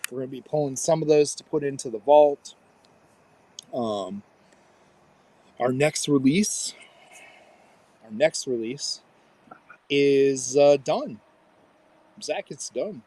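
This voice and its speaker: Man telling a lively story. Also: mid-range voice. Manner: animated storyteller, acts out quotes. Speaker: podcast co-host. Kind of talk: casual storytelling chat.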